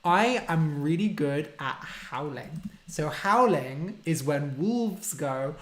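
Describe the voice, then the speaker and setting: A man's voice: fairly high pitch, lively intonation, takes it slowly. A man, a language teacher hosting a casual live-stream Q&A, reading out viewer questions and explaining simple words for learners. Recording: roomy echo.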